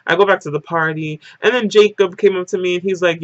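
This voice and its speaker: A woman's voice: on the low side, steady tone, fast, no echo. Rambling woman telling a story, dull lo-fi sound. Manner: rambling, fills nearly every phrase with "like"; dramatic retelling. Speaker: vlogger. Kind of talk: casual story-time monologue.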